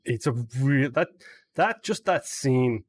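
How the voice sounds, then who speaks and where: A man's voice: medium pitch, lively intonation, takes it slowly. A man co-hosting a casual film podcast, eagerly explaining scenes and details. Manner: eager explainer, acts out quoted lines. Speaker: podcast co-host.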